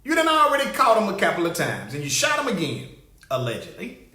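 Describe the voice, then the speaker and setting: A man hosting a radio talk show, holding forth in an animated, sarcastic, down-home preaching way. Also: high voice, quick pace, reverberant. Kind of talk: opinion talk radio monologue.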